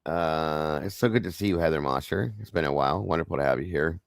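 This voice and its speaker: This man's voice is extremely low, gravelly and fast as he reads reports on his true crime livestream and comments casually to viewers. He addresses them as "guys," says "okay" a lot, apologizes often, and sounds strained, fighting to keep it together. His streaming mic sounds studio-clean with no room echo.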